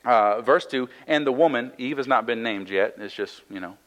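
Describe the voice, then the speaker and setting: A man's voice: medium pitch, normal speed, fairly bright tone, muffled recording. A man preaching and teaching through a Bible passage in a conversational sermon, reading verses aloud and explaining them with frequent "right?" asides. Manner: reads scripture aloud then explains it. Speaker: pastor.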